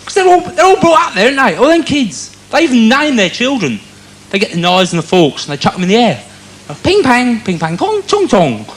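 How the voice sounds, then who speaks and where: A man's voice: very high voice, sing-song, fast, fairly bright tone. A man doing a rambling stand-up routine, chatty and storytelling. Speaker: stand-up comedian.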